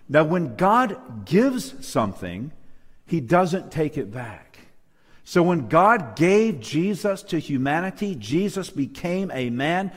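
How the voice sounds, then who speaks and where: A man's voice: on the high side, big-room sound. A man preaching a Bible lesson to a live and online congregation, emphatic, asking rhetorical questions and calling for amens. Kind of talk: sermon-style Bible study. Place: church hall with live and online audience.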